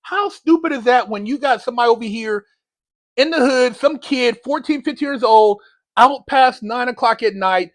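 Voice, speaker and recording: A man's voice: very high-pitched, moderate pace, no room sound. A man ranting bluntly in a heated, lecturing commentary, using street slang, as a motivational vlogger.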